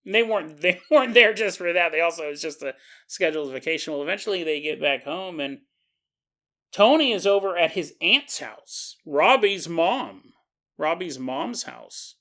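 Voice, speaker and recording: Male podcast host, casual storyteller, bright and a little high, fond of wry tangents. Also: lively intonation, moderate pace. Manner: joking asides, chuckling tangents.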